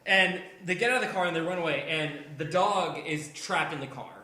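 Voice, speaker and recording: A man's voice: fairly high pitch, fairly quick, echoey room. A man co-hosting a casual podcast chat, ranting about a film with lots of swearing and acting out scenes as he retells them. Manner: profane, ranting, animated storytelling. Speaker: podcast co-host.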